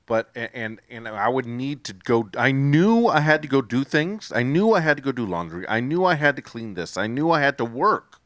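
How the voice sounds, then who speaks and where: A man speaks in an earnest, rambling way as he tells his faith testimony to a group. His voice sits at an ordinary middle pitch. The sound is dry and close. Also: expressive, normal speed, hardly any pauses, a bit bright, no echo.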